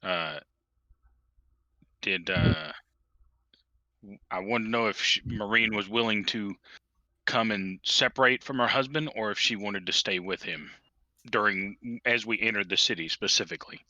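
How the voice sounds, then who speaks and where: A man's voice: lowish voice, unhurried, pauses often, pushed and bright, dry recording, poor audio. A man playing a tabletop game, asking the game master tentative, trailing questions. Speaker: player. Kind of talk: casual tabletop play.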